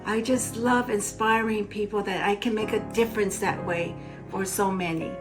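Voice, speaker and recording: A woman's voice: medium pitch, steady tone, normal speed, over music. An older woman giving an earnest, heartfelt account of her own life in an interview. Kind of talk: personal testimony.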